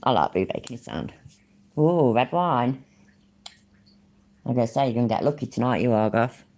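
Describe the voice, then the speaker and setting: A woman's voice: extremely low pitch, lively intonation, moderate pace, mellow. A woman giving rambling, sarcastic live-stream commentary on a video and swearing freely.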